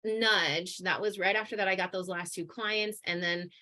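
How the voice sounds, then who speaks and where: Bright-voiced woman telling her story. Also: medium pitch, normal speed. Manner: animated storyteller, many fillers. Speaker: guest, coaching business owner. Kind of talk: casual interview.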